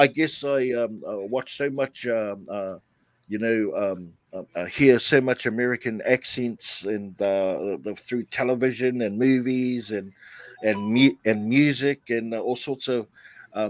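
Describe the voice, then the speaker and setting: A man chatting on a live stream, halting often with fillers and restarts. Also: mid-range voice, dry recording. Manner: hesitant, many fillers and restarts. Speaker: guest YouTuber. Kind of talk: casual live chat.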